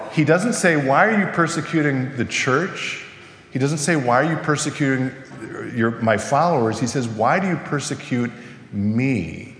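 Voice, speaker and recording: Male pastor, casual sermon delivery, echoey church hall with long reverb. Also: medium pitch. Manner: conversational, asks the congregation questions. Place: church sanctuary.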